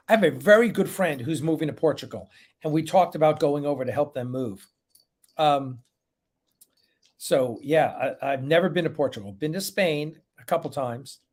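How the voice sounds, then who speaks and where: A man hosts a live stream in a loose, rambling way, running through viewers' names and wandering off into asides. His voice sits a little high for a man. It sounds like he is talking into a desk or webcam mic. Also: a little mellow, husky. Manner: chatty, greets viewers by name, rambling asides. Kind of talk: casual live-stream chat.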